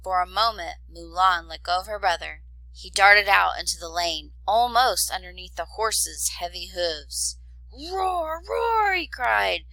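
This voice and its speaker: Gravelly-voiced woman reading a story. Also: lowish voice, a little slow, no room sound, rough recording. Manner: expressive read-aloud. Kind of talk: scripted storybook narration.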